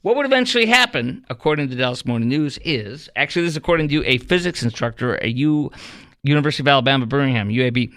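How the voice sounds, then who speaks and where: A man hosting a talk radio show, chatting in a rambling, animated way and quizzing his producer. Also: medium pitch, no room sound, studio quality. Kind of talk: casual talk radio monologue. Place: radio studio.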